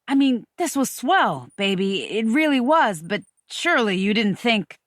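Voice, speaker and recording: A woman voicing a smooth, patronizing American man who keeps soothing his lover with pet names. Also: a little high, big pitch swings, measured pace, no room sound, studio quality. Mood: placating. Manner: soothing, condescending endearments.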